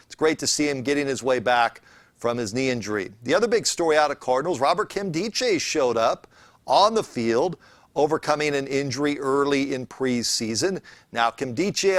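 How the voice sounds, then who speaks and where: A man hosting a sports show, talking in an energetic, opinionated and chatty way, then interviewing a guest. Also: medium pitch, dry recording.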